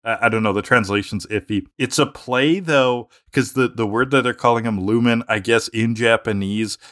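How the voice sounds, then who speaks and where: A young man co-hosting a podcast in a relaxed, rambling way, breaking into laughter often. His voice sits at a middle pitch for a man. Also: no echo, studio quality. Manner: laid-back, rambling, quick to laugh. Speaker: podcast co-host. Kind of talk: casual chat.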